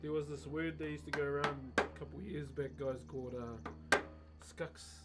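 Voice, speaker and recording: A man's voice: fairly high pitch, fairly even intonation, moderate pace, loud music behind the voice. Cheeky New Zealand man streaming live. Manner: cheeky, laughs often, chats with viewers. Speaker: live-streaming wood carver. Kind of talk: casual live-stream chat.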